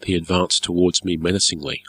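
A man narrating a story in a measured, formal, wry manner. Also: sits low, level tone, a bit bright, no echo.

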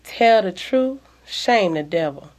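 A woman's voice: medium pitch, expressive, slow, a little mellow. A woman voicing a bold, flirtatious, sassy barroom woman in an audiobook story. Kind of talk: audiobook dialogue.

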